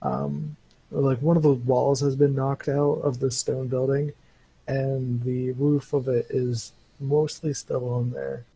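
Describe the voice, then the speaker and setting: A man runs a tabletop game, narrating slowly and stopping often to fill gaps. His voice is gravelly, dark and husky. It sounds dry and close. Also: mid-range voice, no room sound, rough recording. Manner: slow, halting narration with many fillers. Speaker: game master.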